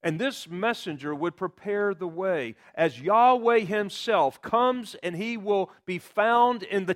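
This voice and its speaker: A man preaching a sermon, explaining scripture with emphatic quotations. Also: high-pitched. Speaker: pastor.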